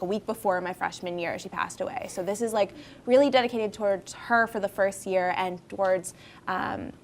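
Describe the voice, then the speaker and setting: A woman's voice: mid-range voice, a little hiss or hum. A woman in her twenties, a festival founder, telling stories in a casual interview with many fillers and frequent laughter. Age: 20s. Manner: chatty storyteller, laughs often, many fillers.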